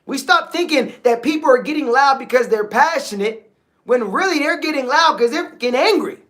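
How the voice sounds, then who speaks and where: Pitched high with a slightly bright quality, this host talks at a moderate pace and with lively inflection. It's an easygoing motivational livestream, full of repeated phrases and frequent questions to the audience about how they're doing.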